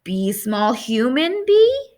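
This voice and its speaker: A woman voicing a curious, eager giant cockroach leader that hisses slowly and jumbles its word order. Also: fairly high pitch, big pitch swings, darkish tone. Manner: slow, hissing, words in odd order.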